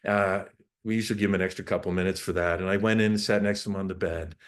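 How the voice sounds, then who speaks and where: A man's voice: deep voice, quick pace. A middle-aged man giving a parenting talk to an audience, telling stories about his family and acting out the conversations with sudden bursts of emphasis. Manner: lively storyteller who acts out family dialogue with bursts of emphasis. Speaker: parenting speaker.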